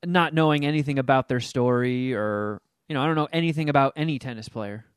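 A man's voice: mid-range voice, fast, clean tone, dry recording, studio quality. A man chatting casually about a movie he watched, swearing freely and slipping into mocking voices as he retells scenes. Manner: profane, animated, does mocking voices in quotes. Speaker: podcast co-host reviewing a movie. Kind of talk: casual chat.

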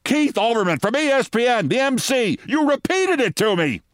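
A man voicing an exasperated female deputy mayor who scolds and shouts her orders. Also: animated, moderate pace, no echo, clean studio sound. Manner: shrill, scolding, insistent.

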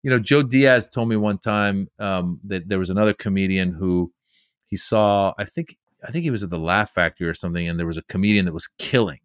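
Comedian guy telling stories in an interview, pretty low voice, dry mic, does little voices. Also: fairly quick, clean tone, dry recording. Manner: animated storyteller doing quoted voices. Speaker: comedian guest. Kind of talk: storytelling interview.

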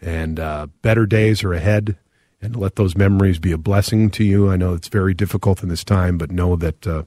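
Low-voiced man hosting a radio talk show. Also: steady tone, mellow, no room sound, clean studio sound. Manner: earnest, reflective, with frequent "uh" pauses. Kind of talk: radio call-in talk, reading listener texts.

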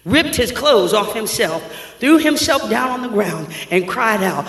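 Brief: high, bright-toned male preacher, fervent and shouting, in an echoey church hall. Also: expressive, unhurried. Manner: fervent, shouting, slangy storytelling. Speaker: pastor. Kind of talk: sermon. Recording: echoey hall with long reverb.

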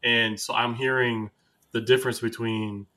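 A man's voice: medium pitch, level tone, moderate pace, bright, forceful tone. A man from the United States hosting a podcast, chatting casually and telling anecdotes with easy laughs. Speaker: podcast host.

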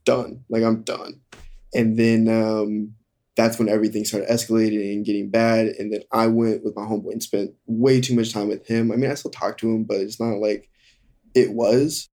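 A young man candidly telling a hard personal story in conversation, halting and full of fillers. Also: lowish voice, little pitch movement, warm tone. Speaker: guest.

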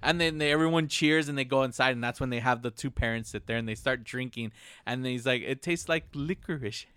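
A man's voice: mid-range voice, level tone, fast, a bit bright, smooth, no room sound. A man hosting a podcast, chatting casually, laughing often and cursing freely as he rambles. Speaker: podcast host. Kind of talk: casual chat.

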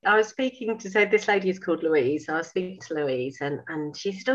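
A woman in her fifties, a sewing school owner, telling a story in a lively way, acting out dialogue and laughing. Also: low voice, fairly quick, highs cut off. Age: 50s. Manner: animated, laughing, acts out dialogue. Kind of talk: casual storytelling.

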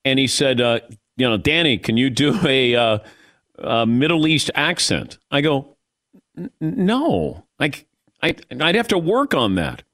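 Lively wry male radio host. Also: medium pitch, a little slow. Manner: lively, wry, self-deprecating. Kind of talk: casual radio banter and live ad reads. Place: radio studio. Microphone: studio microphone.

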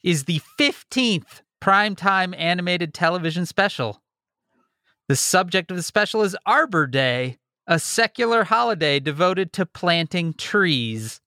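Man, podcast co-host, bright tense voice, slightly high, dry close sound. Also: expressive, no echo. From Chicago. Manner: wry, rattles off plugs quickly. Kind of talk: casual podcast chat. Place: home basement.

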